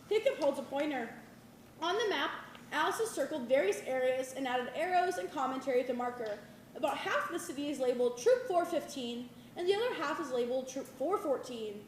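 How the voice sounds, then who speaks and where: Woman reading stage directions, high voice, measured, echoey hall, faint hiss.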